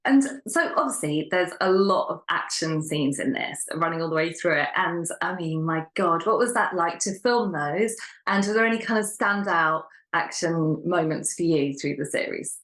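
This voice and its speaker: A woman's voice: lowish voice, expressive, moderate pace, fairly bright tone. Woman interviewer in a roomy echo. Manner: enthusiastic, laughs often. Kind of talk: casual interview questions.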